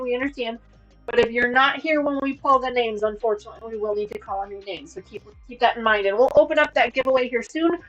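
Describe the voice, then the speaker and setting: A woman's voice: a little high, fairly bright tone, low-quality recording. A woman in her thirties hosting a casual sewing livestream from home, chatty and upbeat as she explains her work. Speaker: livestream host.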